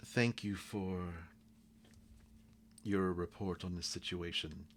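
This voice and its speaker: A man's voice: deep voice, steady tone, slight background noise. A stern formal official, voiced by a man. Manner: formal, measured commands.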